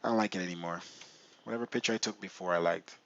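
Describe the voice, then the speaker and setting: A low-pitched man rattles off rapid-fire live-stream commentary while flying a simulator. He chats with viewers and mutters excitedly to himself over the menus, on dull audio with faint background noise.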